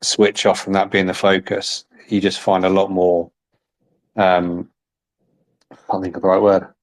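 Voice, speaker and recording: Man, podcast host, fairly low voice, playful teasing chat. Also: flat delivery, a little slow. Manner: teasing, chatty, encouraging. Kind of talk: casual interview chat.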